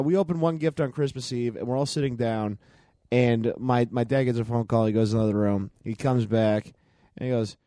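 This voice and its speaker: A young man co-hosting a comedy podcast, telling stories casually in a rambling, halting way. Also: a little high, warm tone, dry recording. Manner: rambling, halting, many restarts. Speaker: podcast co-host.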